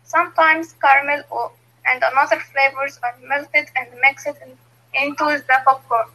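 Young woman from egypt, arabic native, english learner, high bright voice, hesitant, online video call. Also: fairly even intonation, moderate pace, poor audio. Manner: hesitant, with fillers and grammar slips. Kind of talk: online lesson conversation.

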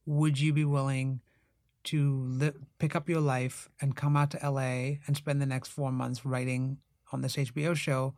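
A man's voice: medium pitch, normal speed, no echo, clean studio sound. A man, an actor and writer, telling stories animatedly in a casual interview, acting out other people's voices. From India. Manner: animated, acts out quoted voices.

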